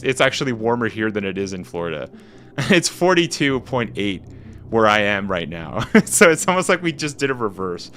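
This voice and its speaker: Casting: young man from Canada, lowish, bright, loose chatty streamer patter over faint music. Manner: chatty, reads chat aloud, slangy and rambling. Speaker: game streamer. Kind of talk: casual live-stream chat.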